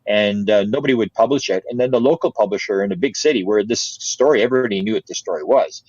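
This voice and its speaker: An older man, an interview guest, telling a story in casual style, lively, repeating words and laughing often. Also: lowish voice, quick pace, dry recording, highs cut off.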